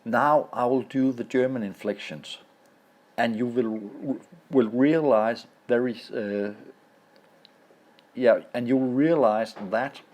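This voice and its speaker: A man from Denmark with a Danish accent, a native Danish speaker, explaining a language lesson over slides and pausing often to find his words. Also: medium pitch, darkish tone. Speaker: language teacher.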